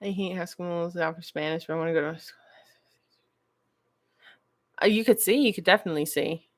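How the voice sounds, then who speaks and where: A woman's voice: fairly low pitch, fairly quick. A woman in casual chat, telling a story with lots of laughter and quoted lines. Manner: animated storytelling, laughs often, quotes herself. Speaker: podcast host.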